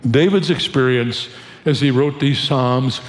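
An older man preaching a sermon in a measured, earnest way, slowing down for emphasis. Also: mid-range voice. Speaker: pastor. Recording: echoey room with long reverb.

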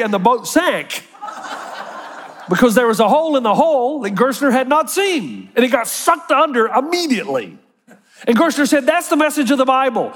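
A man preaching a sermon as a pastor, animated and acting out quoted voices. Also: high voice, moderate pace, in a large hall.

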